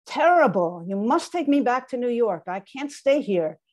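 A woman's voice: fairly high pitch, big pitch swings, moderate pace, voice pushed up. A woman reading the lines of a confused elderly father who insists, agitated, that he must go back to the city.

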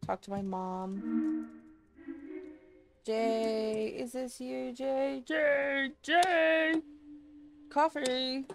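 A woman's voice: high voice, fairly even intonation, drawn-out words, long pauses, over music. A woman streamer giving casual gameplay commentary, chatty and apologetic, swearing and laughing often. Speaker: streamer playing a horror game.

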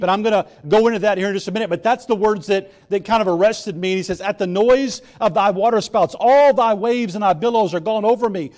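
A male pastor preaching a sermon, earnest, slowing down to draw out scripture and building louder for emphasis. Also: high-pitched. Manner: slows down and draws out scripture readings.

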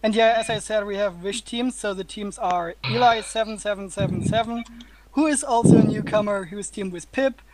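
A man's voice: sits high, moderate pace, over a noisy crowd. A man hosting a gaming series, cheerfully rattling off team names. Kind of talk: announcing teams. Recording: noisy game voice chat.

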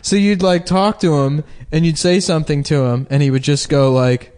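A man's voice: on the high side, steady tone, normal speed, a little mellow. Crude joking man on a comedy podcast. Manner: crude, jokey, slips into silly character voices. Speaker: podcast co-host. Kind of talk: casual comedic chat.

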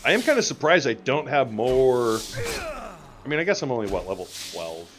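A man's voice: medium pitch, very animated, normal speed, fairly bright tone. A young adult man streaming a game live, rambling and joking with his chat as he plays. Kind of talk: casual live-stream gameplay commentary.

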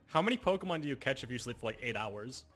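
A man's voice: mid-range voice, expressive, fast, fairly bright tone, slightly rough, faint music behind. A man chatting in a game lobby, blunt and dismissive in his remarks. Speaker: player in a group game. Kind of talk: casual gaming chat.

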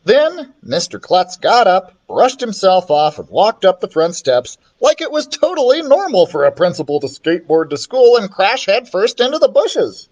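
An animated man reads a children's storybook aloud. His voice sits slightly high and leaps around with playful expression as he brings the characters to life. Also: normal speed, few pauses. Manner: expressive, voices the characters with big pitch swings. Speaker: children's librarian reading aloud.

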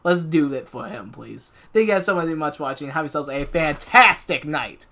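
Excitable woman yelling through a game. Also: low-pitched, normal speed. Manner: excitable, talks to self, yells at the game. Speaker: gaming channel host. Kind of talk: let's-play commentary. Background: game music.

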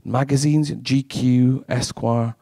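A man doing stand-up comedy, trading sweary, quick banter with a live audience. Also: mid-range voice, steady tone, dark tone, no room sound, clean studio sound. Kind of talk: stand-up comedy with crowd work.

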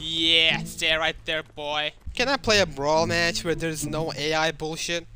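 A young man giving casual gameplay commentary, trash-talking and swearing at opponents. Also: on the high side. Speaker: gaming YouTuber. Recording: game music underneath.

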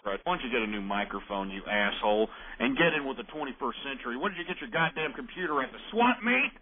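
A man's voice: mid-range voice, expressive, fast talker, noisy background. A man hosting a call-in radio show, ranting and hurling insults at callers. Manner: abrasive, insulting, belligerent. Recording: tinny phone-like radio audio.

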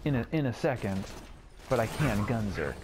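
A young man giving casual commentary over a video game, rambling and excitable, often stammering and repeating words. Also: fairly low pitch, normal speed, noisy background. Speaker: gaming streamer.

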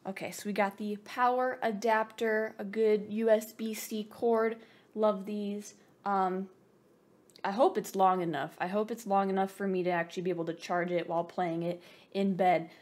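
A young woman who vlogs about gaming gushes through an excited unboxing, bubbly and giddy as if over-caffeinated. She rambles and makes self-mocking asides, speaking at a medium pitch and normal speed.

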